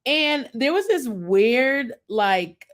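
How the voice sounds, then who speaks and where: A woman's voice: fairly high pitch, very animated, drawn-out words. Chatty woman rambling through a TV recap. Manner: chatty, rambling, mimics people she talks about. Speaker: podcast host. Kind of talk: casual TV recap chat.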